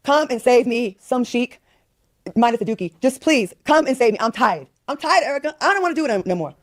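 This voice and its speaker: A woman's voice: a little high, expressive, brisk, no echo, clean studio sound. A woman in her fifties from the United States, venting with exasperated emphasis as a guest on a talk show. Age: 50s.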